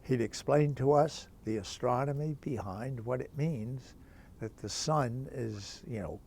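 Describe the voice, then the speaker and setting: A man's voice: mid-range voice, vocal fry, slight background noise. An older man, a priest, telling a chatty anecdote about a teacher, with many asides. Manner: lively, chatty, full of asides. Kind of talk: anecdotal storytelling.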